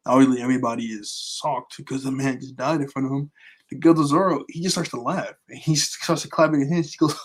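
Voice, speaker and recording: A man chatting casually in a fan review, rambling with many fillers and quick chuckles. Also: fairly high pitch, rough recording. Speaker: anime vlogger.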